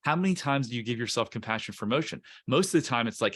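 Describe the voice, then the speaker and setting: A man's voice: mid-range voice, animated, fast, few pauses, fairly bright tone. Earnest man giving coaching advice. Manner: earnest, self-help explaining, restarts words. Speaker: guest, coach. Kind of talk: podcast interview, coaching advice.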